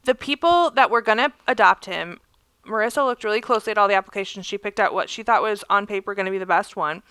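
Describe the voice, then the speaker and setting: A woman's voice: mid-range voice, fast, a bit bright, smooth, dry recording. A woman co-hosting a podcast in casual chat, telling stories in a chatty way and laughing often. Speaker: podcast co-host.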